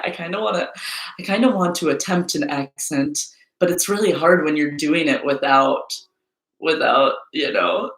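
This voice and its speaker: A woman's voice: low voice, creaky, fairly bright tone. A woman hosting a live Q&A stream, talking in a chatty, rambling way full of fillers. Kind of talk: casual live-stream chat. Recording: roomy echo.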